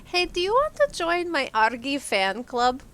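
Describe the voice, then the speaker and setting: Female player, playful and teasing, bright lively high voice, takes her time. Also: unhurried, a little hiss or hum. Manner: playful and cheeky. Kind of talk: casual tabletop role-play.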